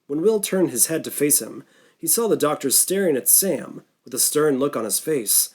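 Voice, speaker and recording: A man reading an audiobook thriller in steady scripted narration. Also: a little high, moderate pace, slightly rough.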